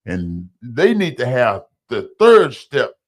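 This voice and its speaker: A man's voice: medium pitch, takes it slowly. A man telling his personal recovery story in a loose, conversational way, calling his listeners y'all and acting out the voices of people he quotes. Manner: animated, acts out other people's voices in quotes.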